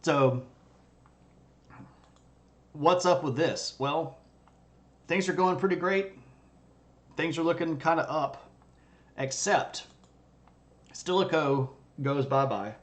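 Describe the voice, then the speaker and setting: A man's voice: a little high, takes it slowly, long pauses. Joking man giving a casual history lecture. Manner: jokey and conversational, bantering with chat. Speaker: history streamer. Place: streaming setup.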